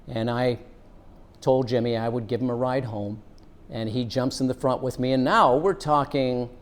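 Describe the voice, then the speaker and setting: Speaking in a mid-range, darkish voice, a middle-aged man who once served as a police officer shares a story from his own life. He is sincere and unhurried, working his way toward the lesson it holds.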